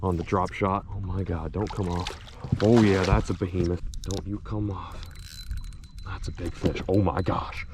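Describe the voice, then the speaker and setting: A young man vlogging while fishing outdoors in winter, talking excitedly to the camera as he reels in fish. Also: deep voice, normal speed, noisy background. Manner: excitable, exclaiming and laughing while reeling in fish. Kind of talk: casual on-camera fishing commentary.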